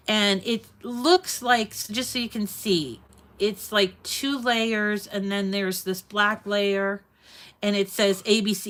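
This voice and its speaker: A woman hosting a casual crafting livestream, chatting warmly with viewers and reading their comments aloud. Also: medium pitch. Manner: talks sweetly to her dogs in a raised voice.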